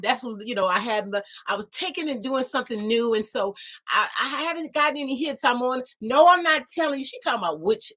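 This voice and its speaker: A sassy, folksy gal-pal design assistant, as a woman puts her on with a high, bright voice. She talks in a bubbly, teasing way, sprinkling slang and y'all everywhere. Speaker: show's alter ego design assistant. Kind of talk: chatty talk-show segment in character.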